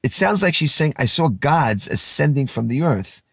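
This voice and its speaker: A man teaching a verse-by-verse Bible lesson, reading lines and retelling them in casual, lively words. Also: fairly high pitch, moderate pace, creaky, slightly rough, no room sound, studio quality. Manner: animated, paraphrases verses in casual speech.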